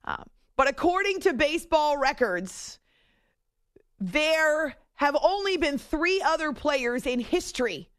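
Sports podcast host, female, slightly high voice, chatty and upbeat, dry close sound. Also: lively intonation, takes it slowly, dry recording. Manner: chatty, enthusiastic, conversational. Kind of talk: casual sports talk.

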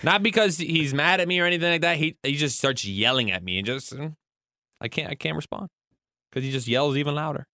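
A man co-hosting a sports radio show, animated and playfully complaining on a studio mic. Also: a little high, fairly quick, no echo. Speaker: radio co-host and executive producer. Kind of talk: casual sports radio chat.

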